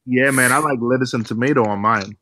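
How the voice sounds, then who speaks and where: A man from the Caribbean chatting casually in an online group, animated and quick to argue about words. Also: mid-range voice. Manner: animated, argumentative, laughing. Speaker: chat participant.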